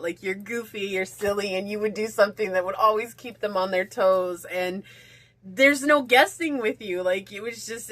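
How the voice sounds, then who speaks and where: Bright, chatty woman reading tarot. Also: mid-range voice, no room sound. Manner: chatty, rambling, heavy use of "like". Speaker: tarot reader. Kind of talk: casual pick-a-card tarot reading.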